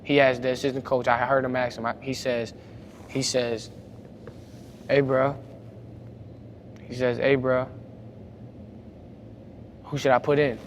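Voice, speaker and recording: A young man, telling a story about a high school basketball game in casual talk, growing loud when he replays arguments. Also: unhurried, long pauses. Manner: animated, gets louder retelling arguments. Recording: faint background noise.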